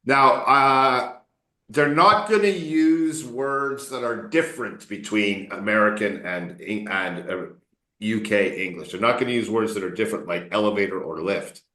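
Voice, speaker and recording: Guy english coach, lowish voice, patient explaining, keeps going "okay?", roomy echo. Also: a little slow, sharp tone. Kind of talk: tutoring session.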